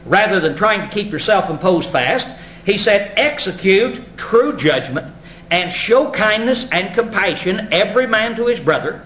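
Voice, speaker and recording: A high-pitched man teaching scripture in a folksy, halting manner, often pausing on filler sounds. The recording is roomy and echoing, a little muffled, with faint ambient noise behind him. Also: animated. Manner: folksy, explanatory, halting with many uh's. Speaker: preacher. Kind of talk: Bible study sermon.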